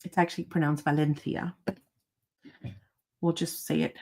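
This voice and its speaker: A woman's voice: low voice, flat delivery, normal speed, vocal fry, a little mellow, breathy edge, low-quality recording. A woman hosting a live online sale, talking in a bubbly, chatty way and thinking aloud as she goes. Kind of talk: casual live-sale chat.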